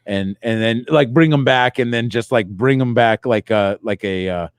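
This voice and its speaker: Man, comedy podcast co-host, mid-pitched voice, rambling and meandering, dry close recording. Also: moderate pace, smooth, dry recording. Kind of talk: casual comedic chat.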